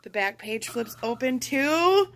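A woman in her thirties, a mother and vlogger, gushing and gasping with excitement as she opens a gift package at home. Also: sits high, takes it slowly. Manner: gushing, gasping, says "oh my gosh" often. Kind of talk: excited unboxing chat.

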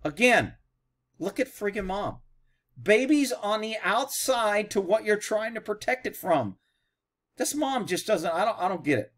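A man's voice: high voice, lively intonation, a little slow, a bit bright. A man, a horse trainer, giving blunt, sarcastic reaction commentary over a video.

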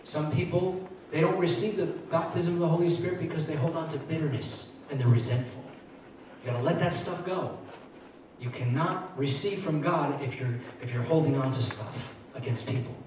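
A man's voice: a little high, moderate pace. Male pastor, earnest sermon delivery with stammered repeats, recorded far off in a roomy, echoey hall. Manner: earnest, repeats words, rising to excited bursts. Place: church sanctuary. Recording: echoey hall, mic far off, faint noise.

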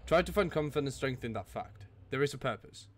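Man doing a put-on British accent for a solemn letter, measured. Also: mid-range voice, expressive, natural voice. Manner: grave, measured reading. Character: solemn young man writing a note to himself.

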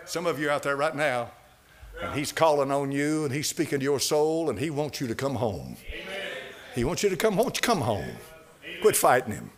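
Animated preaching man, lively pitch. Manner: animated preaching, swings from loud to hushed. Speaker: pastor. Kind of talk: sermon. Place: church sanctuary.

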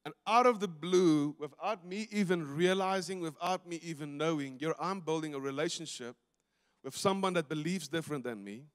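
A man's voice: fairly high pitch, moderate pace. A South African man preaching a sermon as a pastor, telling a story animatedly, acting out the dialogue and breaking into laughter. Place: church stage. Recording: long church hall reverb.

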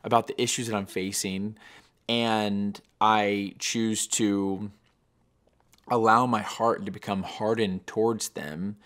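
A man's voice: on the low side, level tone, takes it slowly, a bit bright. A man hosting a daily devotional podcast, speaking in an earnest, reflective way that turns emotional at times.

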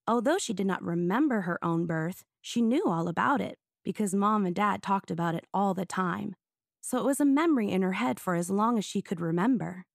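A woman narrating an audiobook in a clear storytelling manner. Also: medium pitch, animated, a little fast, no room sound, studio quality. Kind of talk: scripted narration.

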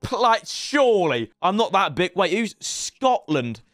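A young man commentating his own football video game to viewers, sweary and excitable. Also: high-pitched, unhurried, no echo, studio quality, soft background music. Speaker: gaming streamer. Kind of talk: live gameplay commentary.

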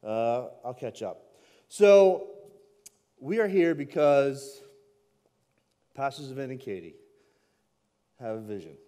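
Joking guest preacher in a reverberant sanctuary. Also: male voice, medium pitch, lively intonation, slow, long pauses, warm tone. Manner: self-deprecating, joking. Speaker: guest speaker. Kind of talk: humorous sermon opening.

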